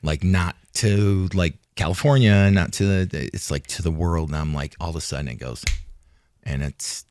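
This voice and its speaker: Very deep-voiced man telling a story. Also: normal speed, a little mellow, no room sound, clean studio sound. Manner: rambling, restarts, acts out quoted talk. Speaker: retired fighter, interview guest. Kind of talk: casual storytelling interview. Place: studio in Hollywood.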